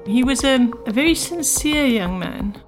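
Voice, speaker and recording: A woman's voice: high-pitched, animated, a little slow. An older woman from South Africa, a former spy, earnestly recalling her past in a personal story. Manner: earnest, reflective recollection with quoted dialogue. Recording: music bed under speech.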